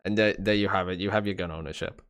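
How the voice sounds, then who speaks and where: A man's voice: low voice, steady tone, fast talker, fairly bright tone, smooth. A man from England who speaks with an American-sounding accent, giving his views in a rambling way on a live stream. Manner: rambling, many fillers and restarts. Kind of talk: casual live-stream chat.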